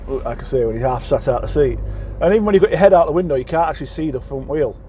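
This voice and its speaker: A man's voice: medium pitch, lively intonation, fast talker, mellow, slight background noise. A man from England who drives trucks, chatting casually in a rambling, self-deprecating way with lots of fillers and restarts, recorded in his truck cab. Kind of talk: casual vlog chat.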